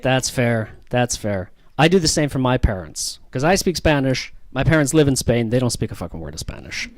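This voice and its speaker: A man's voice: mid-range voice, very animated, fairly quick, no echo. A man doing stand-up crowd work, teasing the audience with profane jokes. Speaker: stand-up comedian. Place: comedy venue with live audience.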